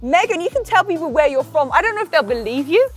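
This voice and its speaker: A woman's voice: very high voice, very animated, fast talker, soft background music. A woman with an English accent leading a group workout, upbeat and laughing often as she counts down reps and chats with her trainers. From England. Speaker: fitness instructor. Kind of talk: leading a workout, chatty cues.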